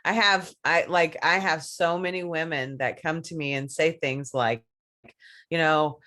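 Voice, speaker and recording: A woman's voice: deep voice, fairly even intonation, a little slow, a bit bright. Enthusiastic woman guest, intimacy coach, laughs a lot, gushing and frank. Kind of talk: casual podcast chat.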